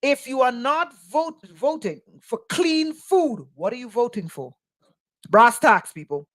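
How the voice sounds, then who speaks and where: Casting: woman, spiritual teacher, slightly high voice, deliberate pace, emphatic and sarcastic. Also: animated, a bit bright. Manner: emphatic, rhetorical questions, sarcastic asides. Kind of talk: impassioned spoken monologue.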